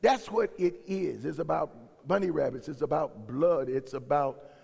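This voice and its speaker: Gravelly-voiced preacher man in echoing hall. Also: a little high, unhurried, darkish tone. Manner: preaching with rising intensity and quoted voices. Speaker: pastor. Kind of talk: sermon. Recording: long reverb of a large hall.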